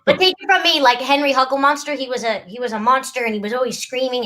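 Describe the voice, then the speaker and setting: A middle-aged woman with a somewhat high voice talks in an easy, animated way. She chats casually, laughs readily and slips into little character voices mid-sentence. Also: quick pace. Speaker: voice actress and lawyer. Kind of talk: casual chat.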